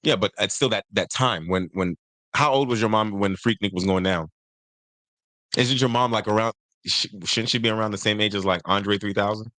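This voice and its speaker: A man's voice: lowish voice, moderate pace, no room sound. A man hosting a podcast in casual chat, telling stories and acting out the people he quotes. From Nigeria and the US. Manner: animated storyteller, acts out quotes. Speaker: podcast host.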